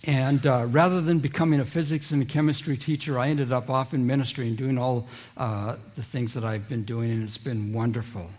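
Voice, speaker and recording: A man's voice: mid-range voice, steady tone, fairly quick, hardly any pauses, darkish tone. A man preaching a sermon, telling stories and acting out quoted voices, drawing listeners in with questions. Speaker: pastor.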